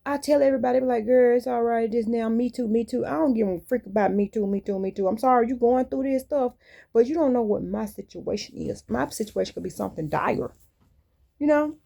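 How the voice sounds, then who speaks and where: Vlogger, female, gravelly voice, rambling and blunt monologue to camera. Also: fairly high pitch, lively intonation, fairly quick, warm tone. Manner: rambling, candid and venting; colloquial and blunt. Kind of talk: casual monologue to viewers.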